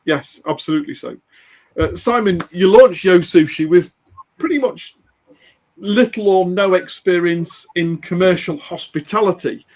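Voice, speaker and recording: A man's voice: high voice, a little slow, a little mellow, low-quality recording. A man hosting a podcast, asking earnest questions of his guest. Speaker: podcast host. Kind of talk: interview questions.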